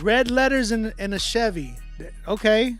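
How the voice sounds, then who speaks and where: A man hosting a casual livestream, chatting with viewers in slang and often trailing off into quiet mumbles. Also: high-pitched, measured pace, faint music behind. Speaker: livestream host running a song battle.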